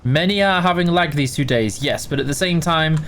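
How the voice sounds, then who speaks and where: A man's voice: a little high, normal speed, fairly bright tone, slight background noise. A man hosting a casual live game stream, greeting viewers by name and answering chat while tired and yawning.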